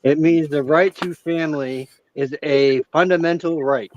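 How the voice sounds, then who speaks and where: A man with a fairly high voice co-hosts a casual online chat. His audio sounds dull and lo-fi, and he reads passages aloud haltingly. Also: steady tone, slight background noise.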